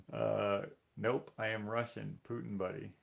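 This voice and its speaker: Male streamer, low gravelly voice, playful banter. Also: flat delivery, slow pace. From Canada. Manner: joking, teasing viewers. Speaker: livestream host painting. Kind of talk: casual livestream chat reading comments.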